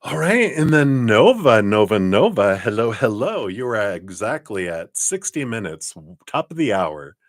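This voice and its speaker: Deep-voiced man giving tarot readings. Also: sing-song, a little slow, few pauses, dry recording, studio quality. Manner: chatty, rambling, upbeat. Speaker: tarot reader. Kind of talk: live-stream tarot reading.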